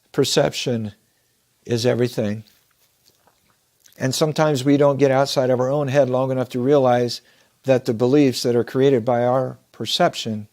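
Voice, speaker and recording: A man speaking in an earnest, measured way, like a motivational speaker telling a story. His voice sits at an ordinary middle pitch, and he draws out key words for weight. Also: darkish tone. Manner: measured, earnest, slows down for emphasis. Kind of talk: storytelling talk.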